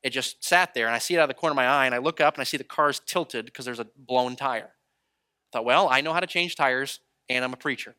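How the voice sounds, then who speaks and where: A man who is a traveling preacher, telling stories in a sermon in an animated way and acting out the people he quotes. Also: mid-range voice, fast. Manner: animated storytelling, acts out quoted voices. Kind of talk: storytelling sermon.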